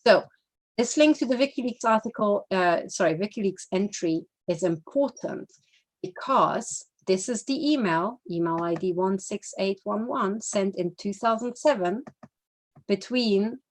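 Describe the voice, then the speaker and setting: Woman, vlog commentary, mid-pitched voice, indignant, sarcastic, swears a lot, rambling, keeps saying "right?". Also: unhurried. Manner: asks "right?" after points. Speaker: vlogger commenting on news. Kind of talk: rambling, profane video commentary.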